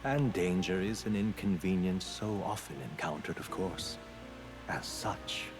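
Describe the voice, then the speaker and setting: Deep, courtly game mentor. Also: male voice. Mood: courteous. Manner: formal, measured, old-fashioned phrasing. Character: courtly male mentor figure guiding the hero. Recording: game audio played on a stream, music under it.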